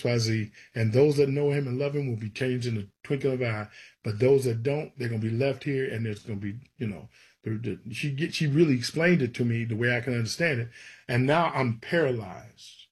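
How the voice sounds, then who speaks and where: This is a gospel songwriter with a breathy, mid-range voice, sharing stories from his life during an interview. He animatedly performs the people he quotes.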